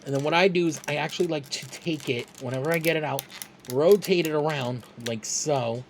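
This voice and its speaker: A toy reviewer walks through a build step by step, easygoing and chatty and quick to poke fun at themselves. The voice sits at a middle pitch, with a faint hiss of noise behind it. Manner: relaxed, chatty and self-deprecating. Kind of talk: casual step-by-step tutorial.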